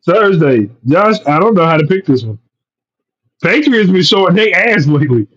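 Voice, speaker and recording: A man co-hosting a sports talk show with a husky, high voice. He rants with heavy profanity and lively swings of pitch. The recording has a dull, lo-fi sound. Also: normal speed. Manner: profane, ranting, animated. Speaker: podcast co-host. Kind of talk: casual sports chat.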